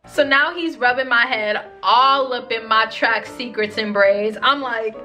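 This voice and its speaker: A young woman vlogger telling a dating story in lively, slangy storytime style. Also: fairly high pitch, a little slow, few pauses, soft background music. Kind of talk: storytime vlog.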